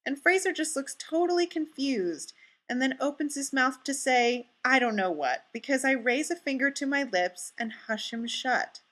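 Bright-voiced woman reading a story. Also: high-pitched, moderate pace. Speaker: story reader. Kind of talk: audiobook story reading, first-person narration.

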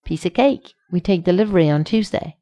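A woman doing a brash, quick-talking scientist man. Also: high-pitched, mellow, dry recording, voice pushed up, close to an everyday voice. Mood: upbeat.

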